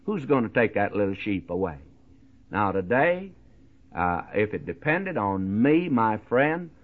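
A middle-aged man preaching a radio sermon in a folksy, conversational way, often pausing with "uh" and "my friend". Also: mid-range voice. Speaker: radio Bible teacher. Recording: tinny phone-like radio broadcast.

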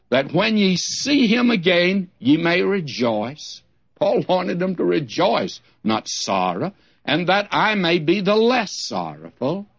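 Older male Bible teacher, folksy sermon style, animated delivery, lo-fi sound. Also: medium pitch. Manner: folksy, emphatic, addresses listeners as friends. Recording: dull lo-fi old recording.

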